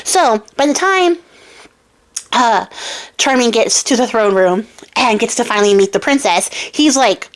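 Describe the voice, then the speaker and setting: A woman's voice: on the high side, animated, a little slow. A young woman retelling a fairy tale casually, chatty, full of fillers, talking straight to her viewers. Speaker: storyteller host.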